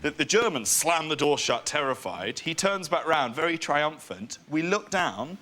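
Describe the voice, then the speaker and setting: A young English man, a comedian guest on a chat show, telling an animated anecdote. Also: on the high side, normal speed. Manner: animated storytelling.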